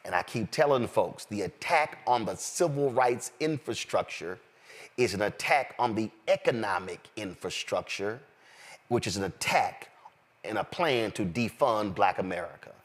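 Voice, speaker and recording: A man's voice: lowish voice, expressive, normal speed. Emphatic man hosting a panel. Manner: emphatic, preaching cadence, directs panelists. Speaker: host. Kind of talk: impassioned panel talk show commentary.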